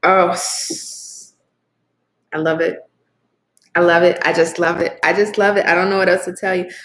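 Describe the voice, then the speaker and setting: A woman's voice: lowish voice, fairly even intonation, normal speed, fairly bright tone. A woman giving a casual tarot reading to camera, effusive and swearing freely as she talks straight to her viewers. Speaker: tarot reader. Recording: echoey room.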